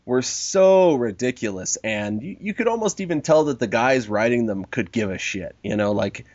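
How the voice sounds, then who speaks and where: A man hosting a casual chat, animated and swearing freely, quoting people in mock voices, on a dull lo-fi recording. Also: mid-range voice, normal speed, no room sound.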